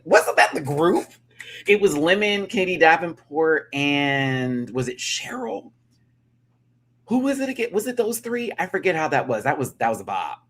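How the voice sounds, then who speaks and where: Sassy, husky-voiced man ranting animatedly. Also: medium pitch, fairly bright tone. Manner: sassy, dramatic, cackling asides. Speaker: reality TV reviewer. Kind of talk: casual reaction rant.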